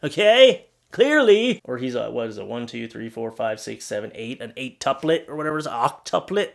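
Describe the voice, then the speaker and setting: A young man from Canada hosting a casual reaction show, talking sarcastically and swinging between loud outbursts and mutters. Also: mid-range voice, steady tone, a little fast, vocal fry. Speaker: host reacting to posts.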